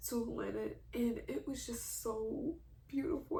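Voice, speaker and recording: A woman's voice: on the high side, moderate pace, vocal fry, a little mellow, a little hiss or hum. Earnest young woman sharing testimony. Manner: earnest and emotional, tearful at times. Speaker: vlogger sharing a faith testimony. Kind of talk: heartfelt testimony talk.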